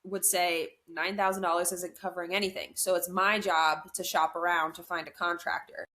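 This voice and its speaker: A woman's voice: on the low side, moderate pace. A young woman co-hosting a podcast, casually telling a story and acting out what other people said. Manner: animated storyteller, acts out quoted voices. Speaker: podcast co-host.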